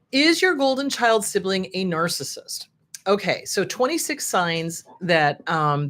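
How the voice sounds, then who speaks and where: A woman's voice: mid-range voice, fairly bright tone. A middle-aged woman therapist hosting a casual advice talk, frankly riffing on a list she reads out. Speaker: host, therapist.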